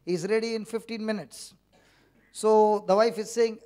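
A high-voiced man delivers a sermon to a church gathering. He speaks in a loose, conversational way and keeps teasing his listeners with direct questions. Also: moderate pace, dark tone. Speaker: preacher. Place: church meeting.

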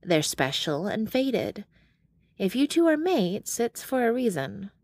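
A woman's voice: mid-range voice, big pitch swings, takes it slowly, a little mellow, no echo, pitched above the performer's own voice, exaggerated voice. A woman voicing a motherly older bear-shifter woman who speaks bluntly and calls people honey.

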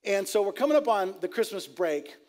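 A middle-aged pastor preaches a sermon full of stories, telling them in an animated, jokey way and laughing at his own tales. His voice sits high and runs a little fast.

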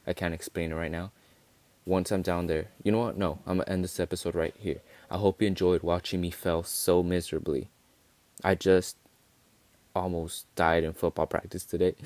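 Brief: low-pitched male gamer, rambling and profane, exasperated commentary, dry close sound. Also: a little mellow, no echo. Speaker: gaming video creator. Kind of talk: casual gameplay commentary.

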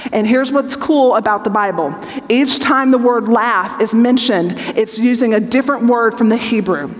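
A woman with a fairly high voice teaches a Bible study, reading scripture and then breaking it down in a lively, joking tone. Her voice carries a long reverb that rings through a large hall. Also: moderate pace. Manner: reads scripture aloud, then explains in a chatty, joking way.

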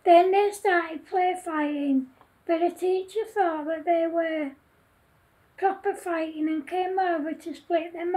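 A woman reading her own children's story aloud in a plain, steady way. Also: extremely high pitch, slow, low-quality recording.

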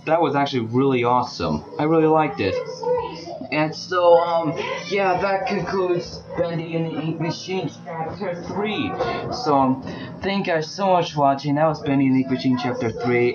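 A man giving let's play commentary, talking to the game characters and breaking into panicked shouts. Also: medium pitch, lo-fi sound. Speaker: gaming channel host. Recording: clear background noise.

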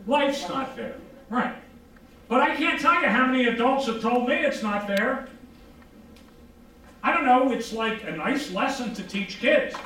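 A man giving an informal psychology lecture, animated, asking rhetorical questions and answering them himself. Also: very high-pitched, measured pace, pauses often, slight background noise. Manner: acts out quoted dialogue. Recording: very echoey room from far off.

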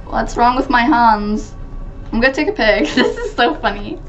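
A woman playing a video game and commenting live to her viewers, chatty and excitable, gasping and shrieking when startled. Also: on the high side, brisk, soft background music. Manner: chatty, talks to viewers as "guys". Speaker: gaming channel host.

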